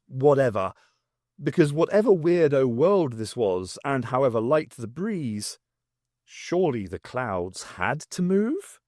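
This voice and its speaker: A man reading a novel aloud, unabridged, with a wry, expressive delivery. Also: medium pitch, dry recording, studio quality. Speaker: audiobook reader.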